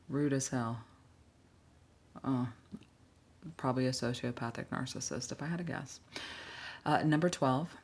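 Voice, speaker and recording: A woman's voice: extremely low pitch, a little mellow. A woman giving casual, blunt reaction commentary on workplace stories, sighing often with exasperated asides.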